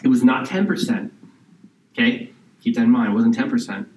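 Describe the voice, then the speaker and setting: A man's voice: mid-range voice, a little fast, a little mellow, echoey room, distant mic, slight background noise, poor audio. A male pastor preaching a sermon in a conversational way, asking the congregation questions and doing mocking impressions now and then. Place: church sanctuary.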